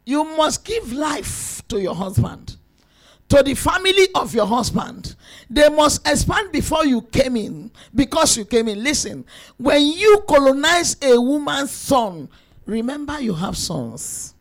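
A woman preaching a sermon to women, emphatic and lively, rising to shouts at her peaks. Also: sits high, unhurried.

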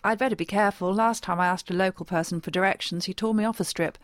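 A woman telling a comic monologue, wry and deadpan with sarcastic asides. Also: medium pitch, quick pace, few pauses, no room sound, studio quality. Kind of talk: scripted comic monologue with character voices.

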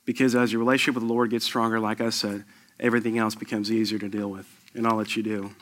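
A man's voice: fairly low pitch, little pitch movement, quick pace, fairly bright tone. A man in his thirties giving an earnest sermon, telling a personal testimony with rising emphasis. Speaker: lay preacher sharing testimony.

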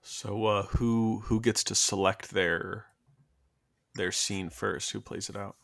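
A man's voice: fairly low pitch, steady tone, takes it slowly, vocal fry, a bit bright. A man chatting casually as a player at a tabletop game, hesitant and restarting his words.

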